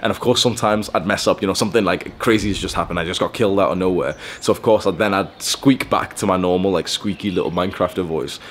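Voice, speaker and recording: A man's voice: deep voice, fast, few pauses, slight background noise. A young man giving blunt, profane self-improvement advice in a casual, rambling monologue. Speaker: self-improvement video host.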